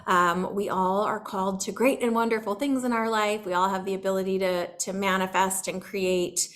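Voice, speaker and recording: A middle-aged woman leads a group healing session over a video call, her voice gentle and soothing. She talks in a relaxed, chatty way and laughs easily, then settles into a calm guided meditation. Her pitch sits in the middle range. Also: normal speed. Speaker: energy healer leading a group session.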